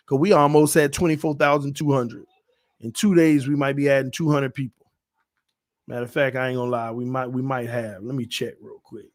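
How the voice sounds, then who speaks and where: A man's voice: mid-range voice, a little fast, no echo, clean studio sound. A man, chatting casually as host of a sports livestream from home. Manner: animated, laughs loudly, slangy. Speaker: channel host.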